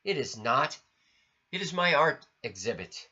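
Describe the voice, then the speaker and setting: A man's voice: fairly high pitch, very animated, unhurried, bright, forceful tone, heavily acted. A man voicing a proud, insistent young male animal brother who paints, in a storybook reading. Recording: lo-fi recording.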